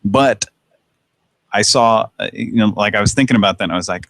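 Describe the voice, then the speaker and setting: A man's voice: fairly low pitch, brisk, a bit bright, no echo. A man hosting a casual call-in chat show, rambling, correcting himself and swearing. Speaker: host. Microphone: internet call.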